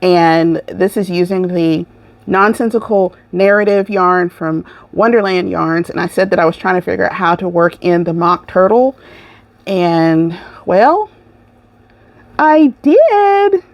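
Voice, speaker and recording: A woman's voice: lowish voice, animated, a little slow, no room sound. A woman with a lilt hosting a crochet podcast, ranting and laughing in casual chat.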